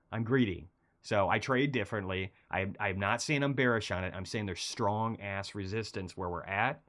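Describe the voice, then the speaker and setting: A man hosting a casual market commentary stream, talking through charts in a rambling, conversational way while feeling a bit unwell. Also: lowish voice. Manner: conversational, rambling, animated bursts of excitement. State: feeling unwell, low energy.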